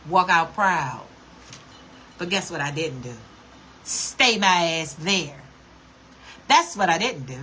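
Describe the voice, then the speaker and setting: A woman's voice: on the low side, expressive, slow, long pauses, bright, forceful tone, a little hiss or hum. A woman vlogger ranting to her camera in a blunt, profane, scolding way. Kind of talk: casual rant to camera.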